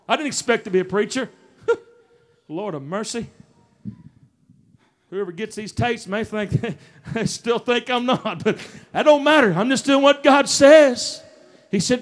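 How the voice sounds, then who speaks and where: A man preaching a fervent revival sermon, swinging between shouts and hushed asides. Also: extremely high pitch, animated, normal speed, pauses often. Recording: taped sermon.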